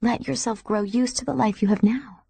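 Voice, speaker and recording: A woman reading the lines of a young, secretive woman who whispers softly and turns sharp when pressed. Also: on the high side, moderate pace, gravelly, husky, dry recording, heavily acted. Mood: gentle.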